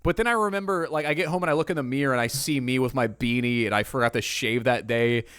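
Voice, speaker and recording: A man co-hosting a casual podcast chat, telling animated stories and acting out what other people said. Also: mid-range voice, quick pace, clear, resonant tone. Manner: animated storyteller who acts out other people's lines. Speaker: podcast co-host.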